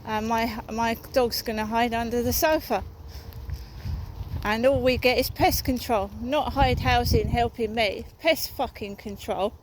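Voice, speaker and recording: A woman's voice: on the high side, steady tone, measured pace, a little hiss or hum, poor audio. A woman vlogging outdoors on a walk, ranting in an aggrieved, rambling way and swearing freely into a phone. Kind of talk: rambling walk-and-talk vlog.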